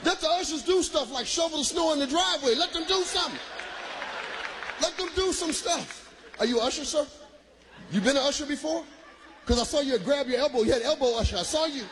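A man doing a stand-up routine, working the crowd loudly with shouts and laughter. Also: extremely high pitch, fairly quick. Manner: loud, animated, bursts of shouting and laughter. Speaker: stand-up comedian. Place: live comedy venue. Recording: live crowd and room noise.

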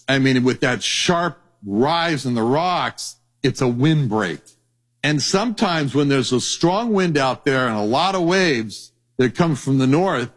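A man teaching a sermon on a Bible passage, telling stories in a lively way and acting out the voices of people in them. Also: fairly high pitch. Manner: animated storytelling, acts out quoted voices.

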